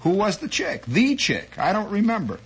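A man hosting a radio show, telling a digressive story with animated asides and many restarts. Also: high voice, normal speed, slightly rough. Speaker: radio host. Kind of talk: rambling on-air storytelling.

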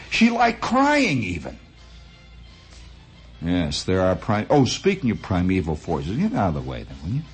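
Radio guy spinning a yarn, husky voice, pitch swinging all over. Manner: animated, dramatic, swooping into high voices. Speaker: radio host. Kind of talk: storytelling monologue.

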